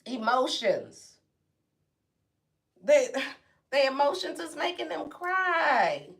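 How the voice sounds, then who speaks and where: A woman's voice: sits high, big pitch swings, slow, gravelly, fairly bright tone. A woman giving a casual tarot reading to camera, playful and brash, swearing and acting out reactions. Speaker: tarot reader.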